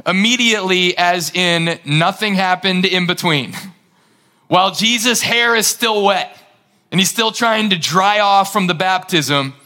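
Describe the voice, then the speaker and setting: Man, pastor, sermon, high voice, forceful, conversational, energetic. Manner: energetic, conversational, dramatic retelling.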